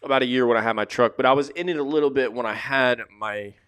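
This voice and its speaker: A man's voice: mid-range voice, quick pace, fairly bright tone, clean tone, dry recording. A man hosting his own podcast, talking loosely and rambling with casual fillers, close up to the microphone. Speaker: podcast host. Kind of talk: casual solo podcast talk.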